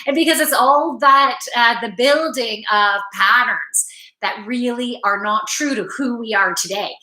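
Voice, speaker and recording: A woman's voice: on the high side, unhurried, sharp tone, reverberant, low-quality recording. A woman doing a casual spiritual card reading, chatty and rambling, tired from little sleep and laughing at herself. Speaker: tarot card reader.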